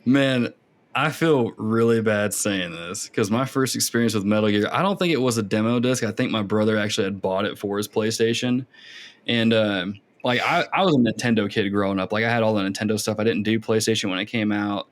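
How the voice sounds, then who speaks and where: A man hosting a casual gaming podcast, telling stories with lively reenactments of his younger self. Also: lowish voice, a little fast. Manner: animated storytelling, acts out his younger self. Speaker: podcast host.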